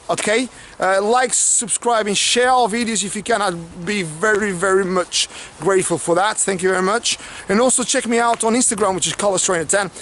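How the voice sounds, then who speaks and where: A man who is a fitness trainer, talking fast and casually to camera, often repeating "okay" and "obviously". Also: high voice, fairly bright tone. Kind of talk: casual motivational talk to camera.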